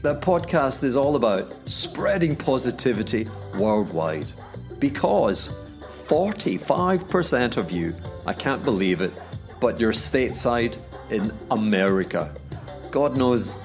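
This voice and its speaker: Middle-aged Glaswegian podcast host, theatrical delivery with big upward pitch swoops, faint music under the voice. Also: male voice. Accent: Scottish, Glaswegian. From Scotland. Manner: theatrical, swooping up high for emphasis. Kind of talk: solo podcast monologue. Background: music playing underneath.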